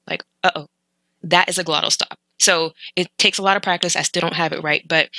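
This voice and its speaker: A low-quality, roomless recording captures a woman whose voice is on the low side and sharp in tone. As a language learner, she talks through vocabulary from clips casually, thinking out loud with halting restarts and corrections.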